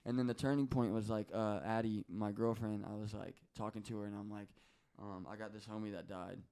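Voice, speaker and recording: A young man with a low, gravelly voice talks loosely as a podcast guest. His words come out smooth and clear. He is animated, curses freely and slips into other people's voices as he tells his story. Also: brisk. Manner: animated, swears often, acts out quoted voices. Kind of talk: casual storytelling interview.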